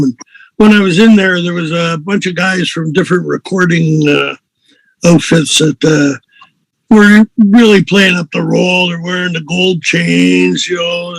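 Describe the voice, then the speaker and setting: Older male musician-host, high gravelly voice, rambling anecdotes with chuckles, dry close sound. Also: no room sound, rough recording. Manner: rambling, chuckling, many fillers. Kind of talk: casual storytelling.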